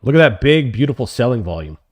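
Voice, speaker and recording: A man hosting a live options trading stream, calling his trades as they happen and answering chat questions, often excited. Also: medium pitch, quick pace, no echo. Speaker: options trading livestream host.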